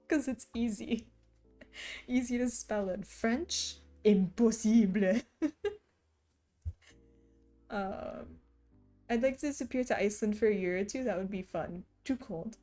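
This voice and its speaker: Chatty, giggly woman streamer, mellow voice. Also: a little high. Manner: chatty and giggly, often laughing. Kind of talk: casual chat while reading chat aloud.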